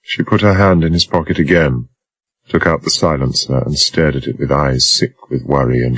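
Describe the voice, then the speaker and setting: A man narrating a thriller audiobook in a measured, even way. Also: rumbling low, slightly rough, no room sound.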